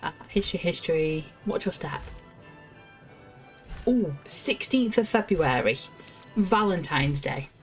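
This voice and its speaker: Brief: woman, game streamer, lowish voice, chatty and giggly, faint music behind. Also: expressive, slow, long pauses. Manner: chatty, giggly, talks to herself. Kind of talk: casual gameplay commentary, reading quest text aloud.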